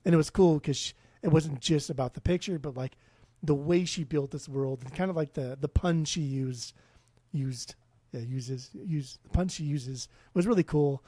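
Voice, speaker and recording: A man's voice: a little high, normal speed, mellow, no echo, clean studio sound. A man co-hosting a casual music podcast, blunt and swearing freely, often restarting his sentences. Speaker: podcast co-host.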